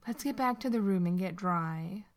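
A woman's voice: mid-range voice, lively intonation, moderate pace, natural voice. A woman voicing a protective younger brother in a storybook reading, blunt and exasperated. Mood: weary.

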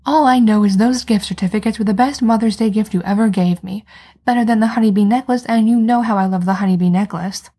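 A woman's voice: medium pitch, fast talker, warm tone, slightly rough, close to an everyday voice. A woman reading a fussy, doting mother who nags her grown son. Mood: nagging. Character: doting, nagging middle-aged mother. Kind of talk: fan fiction read aloud.

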